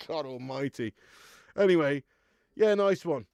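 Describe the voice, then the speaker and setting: A man hosting a live stream, chatting loosely with his viewers and reading out their messages. His voice sits a bit high for a man, and he laughs and swears freely. The sound is dry and close, with no room around it. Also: lively intonation, slow, darkish tone, dry recording. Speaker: live stream host of a football watch-along.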